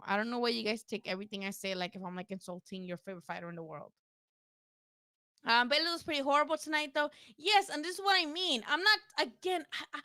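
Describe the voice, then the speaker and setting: A woman's voice: high-pitched, bright, forceful tone, no echo. A woman hosting a casual post-fight livestream, talking bluntly and profanely while answering her chat. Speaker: boxing livestream host.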